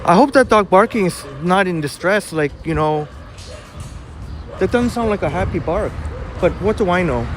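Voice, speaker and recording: High-voiced man chatting on a walk. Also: animated, moderate pace, background noise. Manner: chatty, addresses viewers by name while walking. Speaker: livestream host reading viewer chat. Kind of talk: casual live walking stream. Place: outdoors on a city street.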